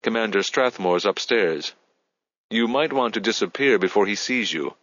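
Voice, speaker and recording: Curt female code-breaker, deadpan, dry and muffled audio, read by a man. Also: lowish voice, normal speed, dry recording. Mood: flat. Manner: flat, curt. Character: sharp-tongued female cryptographer, cool.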